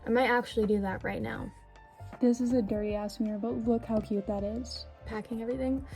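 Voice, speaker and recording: Gushing young woman vlogger, mellow voice. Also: on the high side, fairly even intonation, brisk, vocal fry, faint music behind, poor audio. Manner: gushing, chatty, many fillers and apologies. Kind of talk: casual vlog unboxing. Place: indoors at home.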